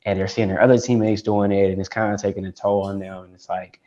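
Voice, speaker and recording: A man's voice: lowish voice, flat delivery, fast, warm tone. A man from Detroit, a tech founder being interviewed, talking casually and rambling with lots of "like" and restarts. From Detroit, United States. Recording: dull lo-fi call audio.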